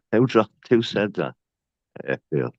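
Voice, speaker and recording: A man's voice: fairly low pitch, big pitch swings, slow, no echo. A man co-hosting a casual chat, rambling and laughing between his words. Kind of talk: casual banter. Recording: dull, muffled sound.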